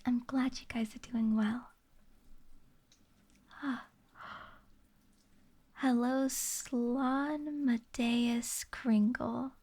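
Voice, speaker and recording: A woman streamer chatting in a soft, half-whispered ASMR voice, giggling often and sounding sleepy. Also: fairly high pitch, fairly even intonation, drawn-out words, long pauses, husky. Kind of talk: soft-spoken ASMR chat. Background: rain ambience.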